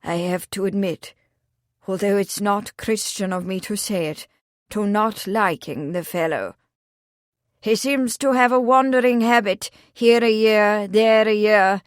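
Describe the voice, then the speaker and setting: A woman voicing a soft-hearted male village vicar who talks in a hesitant, troubled, muttering way. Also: mid-range voice, a little slow, clear, resonant tone, no echo, studio quality, lightly acted.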